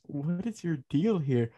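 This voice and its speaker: A man co-hosting a podcast in casual chat, with a baritone voice, playful and full of questions. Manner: chatty, playful, asks many questions. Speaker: podcast co-host.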